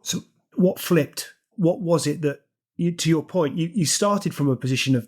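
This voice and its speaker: Male interview host, rambling thoughtful questions, fairly high voice. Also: moderate pace. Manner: long, searching questions with restarts and asides. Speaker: podcast host. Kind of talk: interviewing a guest.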